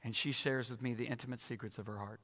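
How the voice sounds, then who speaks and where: A man's voice: medium pitch, steady tone, quick pace, fairly bright tone. A man in his sixties preaching a sermon with emphatic, dramatic repetition. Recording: echoey hall.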